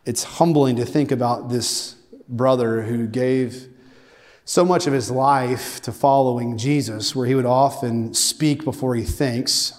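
A male pastor delivering a sermon with mounting fervor and deliberate pauses. His voice sits in an ordinary middle register for a man. It carries a long reverb, as if he is preaching in a large hall. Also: medium pitch, darkish tone. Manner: preaching with rising intensity and emphatic pauses.

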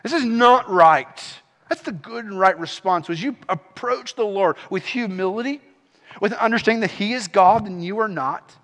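A man's voice: high voice, moderate pace, a bit bright, long reverb tail. A man preaching an earnest sermon as pastor, rising into impassioned pleas.

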